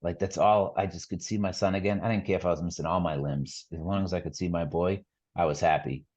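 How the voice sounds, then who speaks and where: Deep husky man, earnest storyteller. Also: steady tone, quick pace, darkish tone, muffled recording. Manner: earnest, rambling, many fillers and restarts. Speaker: podcast guest. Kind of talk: casual personal storytelling.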